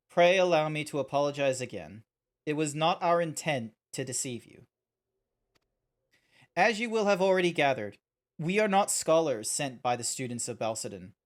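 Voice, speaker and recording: An Australian man voicing a solemn, archaic-speaking clone, reading game dialogue slowly and formally on stream. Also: on the high side. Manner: slow, measured, formal old-fashioned phrasing.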